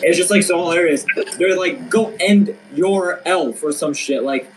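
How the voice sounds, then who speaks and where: A man's voice: sits high, a little slow, a little hiss or hum, rough recording. A man on a voice call, bantering crudely and mockingly with lots of swearing. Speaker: call guest. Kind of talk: casual chat.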